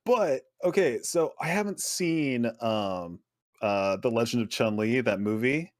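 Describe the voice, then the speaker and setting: A man's voice: mid-range voice, expressive, measured pace, dry recording. A man co-hosting a casual podcast chat, laid-back, with short replies and dry asides. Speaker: podcast co-host.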